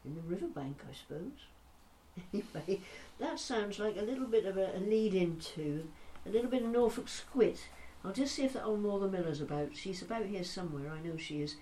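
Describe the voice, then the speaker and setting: An older woman presenting a talking newspaper, chatting to listeners in a fond, gently humorous way. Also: mid-range voice, fairly quick, slight background noise. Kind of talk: casual chat to listeners.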